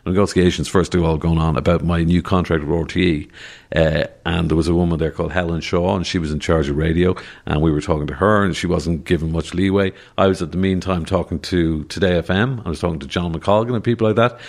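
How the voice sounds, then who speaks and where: Older man, low voice, chatty storyteller, podcast guest. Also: fairly even intonation, quick pace. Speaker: radio presenter guest. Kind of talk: conversational podcast interview.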